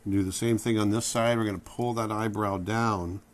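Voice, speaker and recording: A man with a lowish voice talks through a drawing lesson as he works. He is relaxed and thinks aloud, naming each stroke as he makes it. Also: moderate pace. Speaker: drawing instructor. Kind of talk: drawing tutorial narration.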